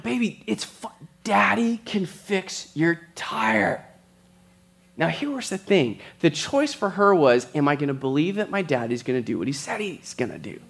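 Pastor, male, slightly higher voice, chatty storytelling sermon delivery. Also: big pitch swings, vocal fry. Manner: conversational, storytelling with quick asides.

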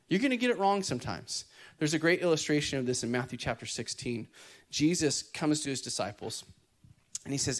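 Man, pastor, sermon, joking, slightly high voice. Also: brisk. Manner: lively, joking, acts out quoted voices.

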